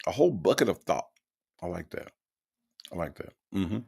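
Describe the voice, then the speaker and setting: A man's voice: deep voice, sing-song, normal speed, gravelly, warm tone, slightly rough. A man hosting a show, mocking and emphatic as he reacts to recorded calls and reads viewer comments aloud.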